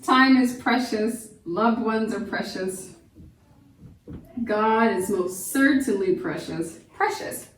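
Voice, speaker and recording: A woman teaching a kindergarten vocabulary lesson at home, speaking slowly and patiently, spelling words out letter by letter and asking the children gentle questions. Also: medium pitch, slight background noise, rough recording. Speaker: homeschool teacher.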